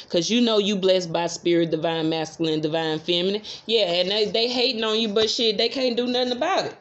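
A woman's voice: fairly low pitch, steady tone, moderate pace. Chatty woman tarot reader, lo-fi sound. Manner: chatty, repeats affirmations, swears freely. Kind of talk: casual tarot reading.

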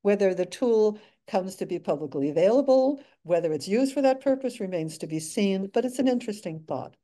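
Older woman, academic slide lecture, measured delivery, dry asides, mellow relaxed tone. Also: medium pitch. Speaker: guest speaker.

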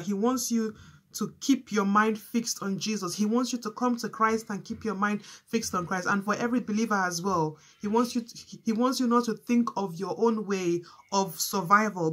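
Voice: mid-range voice, fairly bright tone. A preacher delivering an informal spoken sermon, fervent and repetitive, with many fillers and restarts. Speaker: preacher sharing a prophetic word.

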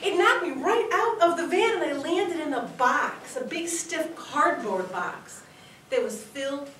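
A woman performs a humorous contest speech, telling her story in an animated way. Her high, bright voice rings through a large echoey hall, and the mic picks it up from far off. A faint room hum sits behind her. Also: a little slow. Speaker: contest speaker.

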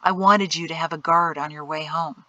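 A woman reading the lines of a bulky, gentle man in black in an audiobook, speaking quietly and sometimes hushed. Her tone is bright and the recording dry and close. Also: deep voice, fairly even intonation, normal speed, no echo, dull audio. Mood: confiding.

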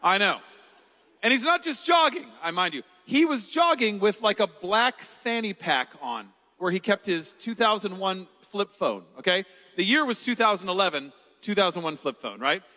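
A man in his forties with a high voice gives a keynote in a large, reverberant conference hall, speaking at normal speed. Animated and jokey, he tells a personal story and acts out the quotes.

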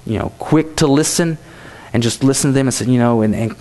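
A man's voice: medium pitch, brisk, dark tone. A man giving a youth sermon in a church, speaking casually with many "you know"s and restarts.

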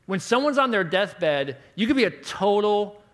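With a high, sing-song voice at a moderate pace, a man in his thirties preaches a conference sermon. He asks rhetorical questions and moves back and forth between hushed and emphatic delivery.

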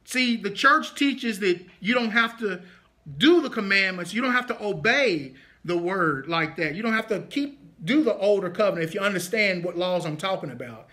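A man's voice: high-pitched, animated, moderate pace, sharp tone. A man teaching an interactive Bible study, leaning hard on key points and stretching words for emphasis. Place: congregation meeting room.

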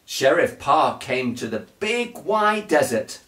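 A man reading a children's bedtime story aloud in a slow, gentle, lilting way. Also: on the high side, big pitch swings. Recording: echoey room.

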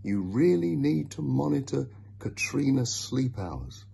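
A man's voice: mid-range voice, very animated, a little slow, gravelly, warm tone, breathy edge, pitched above the performer's own voice, full character voice. A man voicing a concerned female schoolteacher speaking earnestly to a parent, in a children's storybook reading.

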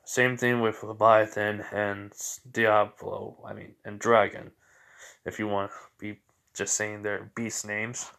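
A man's voice: lowish voice, little pitch movement, slow, vocal fry, bright, forceful tone, exaggerated voice. A man voicing a helpful male beast spirit who explains things plainly.

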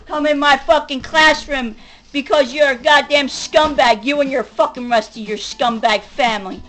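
Furious high-voiced woman venting profanely. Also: moderate pace, a bit bright, low-quality recording. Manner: furious, profane, rambling rant. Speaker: vlogger. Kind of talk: angry venting monologue.

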